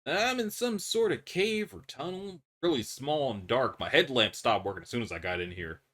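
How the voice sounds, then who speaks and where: A man's voice: medium pitch, animated, moderate pace, a bit bright. A man voicing a friendly young male prisoner, casual and encouraging as he talks a trapped man through it. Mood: reassuring.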